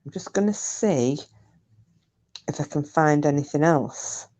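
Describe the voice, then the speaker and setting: Slow, low-voiced woman telling a story. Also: expressive, dark tone. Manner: chatty and digressive. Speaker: online storyteller. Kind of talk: casual spoken storytelling.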